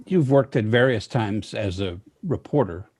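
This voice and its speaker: A man hosting an interview, asking measured questions with frequent pauses and fillers. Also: lowish voice, animated, darkish tone. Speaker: interviewer, host.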